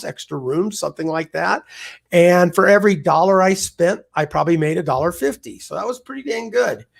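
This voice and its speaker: A man, a real estate investor guest on a podcast, telling his story in a candid, energetic way. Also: on the high side, creaky. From United States. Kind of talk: casual storytelling interview.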